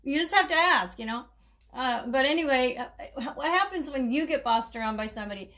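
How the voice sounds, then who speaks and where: A chatty middle-aged woman hosts her own caregiving podcast. She rambles warmly in a relaxed, unscripted way, laughing often and restarting her sentences. Her voice sits a little higher than most women's. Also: brisk. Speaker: caregiving coach and podcast host. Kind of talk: casual solo podcast talk.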